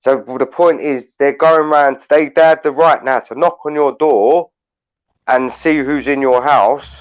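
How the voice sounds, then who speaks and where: A man's voice: medium pitch, no echo, lo-fi sound. Sweary London man ranting on a stream. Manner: blunt, sweary, storytelling rant. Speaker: livestream panel host. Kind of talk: heated casual chat. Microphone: livestream.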